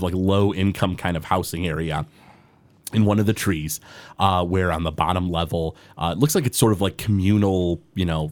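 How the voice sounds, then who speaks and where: A man narrating as game master of a tabletop game, halting and full of fillers. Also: low voice, dry recording.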